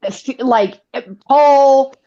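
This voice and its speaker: A woman co-hosting a casual political chat show, talking in an animated, sarcastic way with swearing. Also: sits high, very slow, highs cut off. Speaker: podcast co-host.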